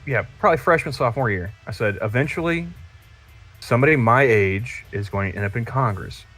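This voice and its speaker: A man's voice: medium pitch, fairly quick, fairly bright tone, faint music behind. A man in his thirties on a podcast panel, joking crudely in casual chat and stumbling over restarts. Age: 30s.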